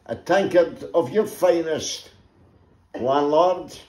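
A man's voice: fairly high pitch, takes it slowly, a little mellow, pitched above the performer's own voice. A man with a Scottish accent voicing a pompous, self-important male poet who declaims grandly. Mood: grandiose. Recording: echoey room.

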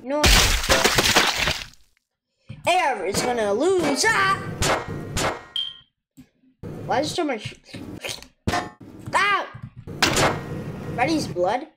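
Woman, gaming commentary, high voice, unhurried but jumpy outbursts, noisy hiss behind. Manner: excitable, frequent loud outbursts and groans. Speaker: gameplay commentator. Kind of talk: live gameplay commentary.

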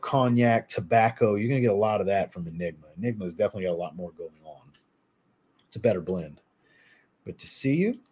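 A man hosting a casual livestream, reading viewer comments aloud and answering them in a relaxed way. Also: fairly low pitch, breathy edge. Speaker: fragrance livestream host.

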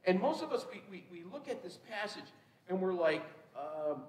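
A man preaching a sermon as pastor, telling stories with lively quoted voices and often repeating words as he thinks. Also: high-pitched, moderate pace. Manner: animated storytelling, acts out quotes, repeats words when thinking. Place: church sanctuary. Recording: roomy hall, voice from a distance.

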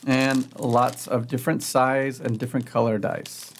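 A man's voice: mid-range voice, little pitch movement, normal speed, slight background noise. A man hosting a board game channel, giving casual, upbeat unboxing commentary and thinking aloud as he goes.

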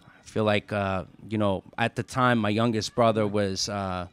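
A man's voice: lowish voice, fairly even intonation, moderate pace, clear, resonant tone. A man, a restaurant owner telling stories on a podcast in casual, profane chat and acting out quotes. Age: 30s.

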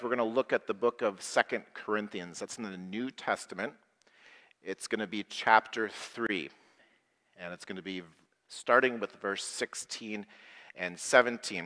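A middle-aged man preaching a simple sermon to people with special needs, slow and plain, leading the congregation in call-and-response prayers. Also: medium pitch, a bit bright. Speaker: pastor. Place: worship hall. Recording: long hall reverb.

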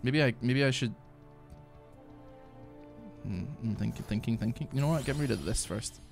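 A man streaming a video game in casual chat, excitable and sweary, breaking into shouts and laughter. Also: mid-range voice, normal speed, gravelly. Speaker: gaming streamer. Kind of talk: casual live-stream chat over gameplay. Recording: faint music behind.

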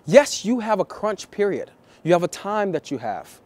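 Deliberate, repetitive male dating coach. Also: high-pitched, very animated, darkish tone. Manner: deliberate, repeats key phrases. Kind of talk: talking-head coaching vlog.

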